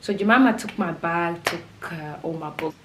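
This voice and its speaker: A young woman telling a personal story in a vlog, animated and laughing often as she goes. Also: lowish voice, moderate pace. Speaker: vlogger. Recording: roomy with faint background noise.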